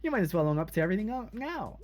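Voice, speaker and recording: A bubbly schoolgirl, as a man puts her on rushes her words in a high, eager voice. She is pushy and full of energy. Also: sing-song, darkish tone.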